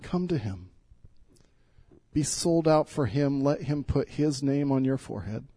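A man's voice: medium pitch, normal speed, dark tone, no echo. A middle-aged male pastor giving an earnest, pleading sermon in church, often repeating words as he speaks.

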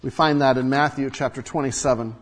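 A man preaching a sermon to his congregation, swinging from hushed low passages to loud emphatic peaks, with repetition and rhetorical questions. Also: steady tone, a little fast. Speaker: pastor.

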